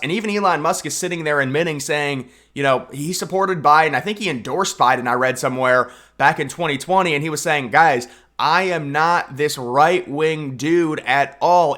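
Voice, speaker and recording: A man's voice: a little high, a bit bright. A young man giving casual political commentary in a mocking, sarcastic way, often restarting his sentences.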